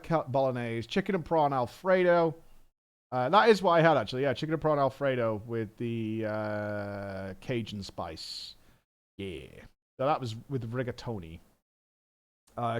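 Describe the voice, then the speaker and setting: A man's voice: medium pitch, smooth. A man in his thirties, a streamer rambling in casual chat, reading out a menu with frank asides and the odd swear. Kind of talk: casual chat while gaming.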